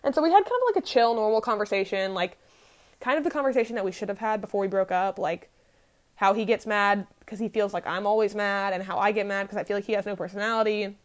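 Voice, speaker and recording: Young adult woman, podcaster, mid-pitched, chatty confessional storyteller, profane and rambling. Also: fast talker. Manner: candid, profane, rambling with many fillers. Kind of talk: casual storytelling.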